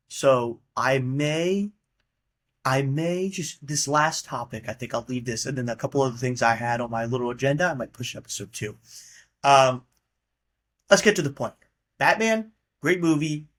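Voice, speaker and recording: A man talks alone into the mic in an easygoing, loose monologue. He rambles from thought to thought, sounds offhand, and swears casually. His voice sits at an ordinary middle pitch for a man. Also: a bit bright. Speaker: podcast host.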